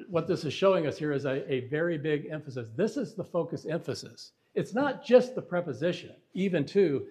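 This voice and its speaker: This preacher's voice is a little high and dark in tone, with some breathiness. He teaches Bible syntax sermon-fashion, speaking emphatically and often putting rhetorical questions to his listeners.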